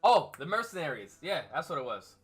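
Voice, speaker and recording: A man's voice: fairly high pitch, big pitch swings, a little fast, fairly bright tone. A man hosting a casual gaming chat stream, laid-back and laughing often, swearing freely. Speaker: streamer host.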